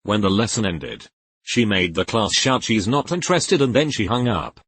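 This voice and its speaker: A man with a low, husky voice reads internet posts aloud, his pitch rising and falling freely as he works through each one. The sound is close and dry, with no room around it. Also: animated, normal speed, a bit bright, no room sound. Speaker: narrator reading Reddit posts.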